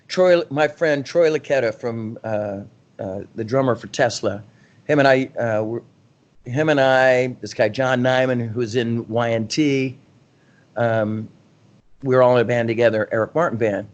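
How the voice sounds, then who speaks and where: A man's voice: medium pitch, unhurried, muffled recording. Middle-aged man spinning rambling rock anecdotes. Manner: animated, rambling anecdotes with frequent laughs and self-deprecation. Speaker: guest rock singer. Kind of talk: casual interview storytelling.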